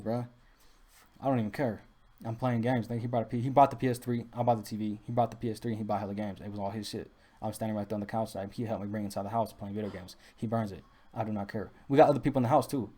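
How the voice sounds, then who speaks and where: Fast-talking young man rambling a story. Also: mid-range voice, a little mellow. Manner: rambling, repetitive restarts, heavy street slang. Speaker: vlogger. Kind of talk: casual storytelling monologue.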